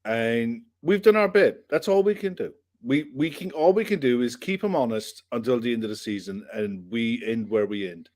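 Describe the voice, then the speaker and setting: Man, football podcast co-host, rambling, laid-back, medium pitch. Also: normal speed, hardly any pauses. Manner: relaxed, rambling, repeats himself. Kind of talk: football reaction podcast chat.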